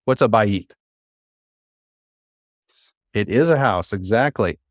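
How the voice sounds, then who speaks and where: A man's voice: lowish voice, lively intonation, slow pace, no echo, studio quality. A man teaching a classroom lesson, patient and encouraging, with many fillers. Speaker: Hebrew teacher.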